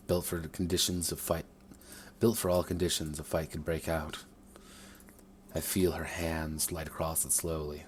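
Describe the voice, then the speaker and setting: A man's voice: rumbling low, slight background noise. A man reading his own first-person story aloud, sometimes stumbling and rereading phrases.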